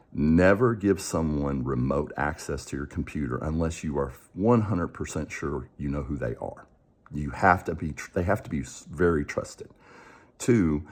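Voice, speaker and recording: A man's voice: rumbling low, slightly rough. A man who coaches and hosts a show tells a personal story in a conversational way, acting out the dialogue and often restarting his sentences.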